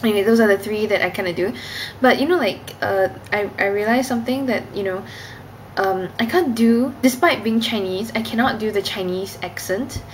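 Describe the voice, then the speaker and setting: A woman's voice: mid-range voice, moderate pace, low-quality recording. This is a young woman with Cantonese as her first language, chatting in a casual vlog. She rambles and is giggly and self-conscious. The voice is in a middle register, with faint background noise. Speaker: vlogger.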